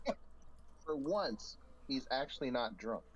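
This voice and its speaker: A man playing a tabletop game, asking quick questions about the table. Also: medium pitch, lively intonation, muffled recording, slight background noise. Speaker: player.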